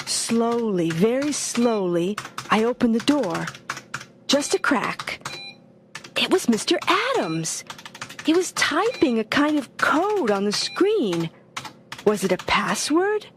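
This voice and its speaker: A woman narrating a story for English learners, slow, clear and expressive. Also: fairly high pitch, background noise.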